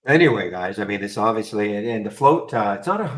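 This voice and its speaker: A man's voice: fairly low pitch, a little fast, hardly any pauses, fairly bright tone, low-quality recording. Wry man hosting trading stream. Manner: rambling, wry, talks to chat viewers. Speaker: trading room host. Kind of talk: live market commentary.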